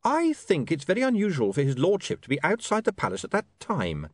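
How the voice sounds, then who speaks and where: An earnest young journalist who chooses his words carefully, voiced by a male narrator. His speech is animated and varied in pitch. It is recorded dry and close. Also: a little fast, no room sound.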